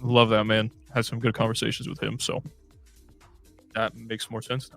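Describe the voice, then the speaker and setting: Man, gravelly voice, livestream host, chatty, reads chat aloud, faint music. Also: on the low side, completely flat delivery, moderate pace, a bit bright, dry recording.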